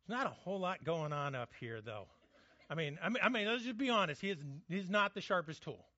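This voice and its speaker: High-voiced pastor with a jokey sermon. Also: male voice, lively intonation, fairly quick, bright, forceful tone, no echo, muffled recording. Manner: conversational, jokey, frequent restarts.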